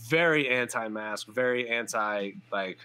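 A man's voice: mid-range voice, a little slow, pushed and bright, clear, resonant tone. A man hosting a fight podcast, talking loosely with lots of fillers. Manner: conversational, loose, frequent "like" fillers. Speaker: podcast host. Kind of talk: casual chat.

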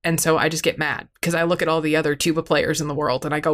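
A woman's voice: low-pitched, little pitch movement, fast, hardly any pauses. A woman talking candidly and tearfully in a therapy-style conversation, rambling with frequent "like" and frequent swearing, self-critical.

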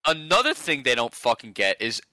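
Brief: American guy mid-rant, lively bright delivery, dry close sound, heavy swearing. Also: medium pitch, a little fast, dry recording. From United States. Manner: ranting, sarcastic, swears a lot. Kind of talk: casual chat.

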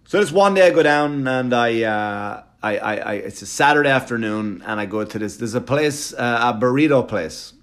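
A middle-aged man telling a rambling comic story in casual monologue, animated and profane, now and then jumping into high-pitched impressions. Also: normal speed, hardly any pauses.

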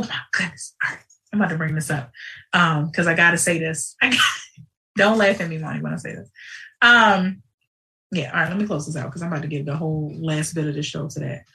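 A woman hosting a live show in casual livestream talk, animated and digressive, with sudden outbursts. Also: fairly low pitch, vocal fry, far from the mic, rough recording.

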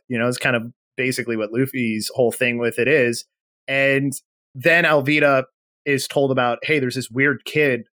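A man co-hosting a podcast, recounting scenes with lively energy and slipping into characters' voices. His voice sits at a middle pitch and sounds close and dry, with no room around it. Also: moderate pace, dry recording. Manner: animated retelling, acting out character lines. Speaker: podcast co-host. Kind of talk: casual chat.

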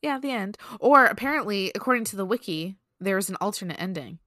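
A woman's voice: medium pitch, animated, fast, bright, forceful tone, no echo, clean studio sound. A woman co-hosting a podcast, chatting casually, giggling, and reading creepy stories aloud with playful drama. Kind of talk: casual chat and story reading.

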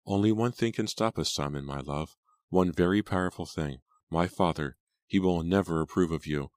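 A man's voice: sits low, normal speed, dry recording, close to an everyday voice. A man voicing a scornful young woman who practices witchcraft, in an imperious manner, reading an audiobook. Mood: urgent. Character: scheming young Southern belle witch, scornful. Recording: dry close studio sound.

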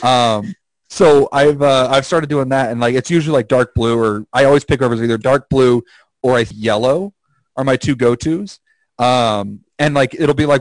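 A man's voice: normal speed, no echo. A man co-hosting a podcast in casual chat, telling stories and acting out the quotes with big swings in his voice. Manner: animated storyteller, acts out quotes with jumps in pitch. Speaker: podcast co-host.

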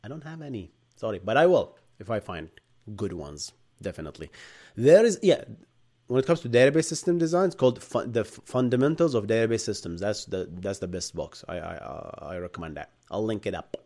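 Man, 30s, Arab accent, live-stream tech host, lively pitch, punchy then low asides. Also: a little fast. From Bahrain. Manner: animated, jumps between loud bursts and low asides. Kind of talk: live-streamed tech lecture with chat replies.

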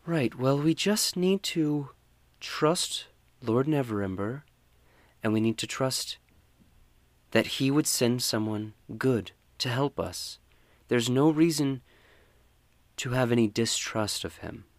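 A man's voice: medium pitch, slow, pauses often, no echo, voice pushed up. A man voicing a half-elf fisherwoman on a town council, placating and insistent. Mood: reassuring.

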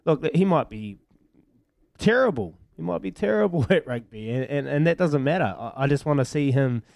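A man's voice: a little high, expressive, moderate pace, gravelly, darkish tone, no room sound. A young man with a New Zealand accent, co-hosting a casual chat in an easygoing, slightly hesitant way. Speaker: co-host.

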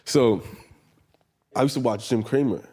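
A man's voice: mid-range voice, measured pace, slightly rough. A man telling stories in a casual podcast chat, swearing freely and acting out the people he quotes. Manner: profane, animated storyteller, acts out quotes. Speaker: podcast guest.

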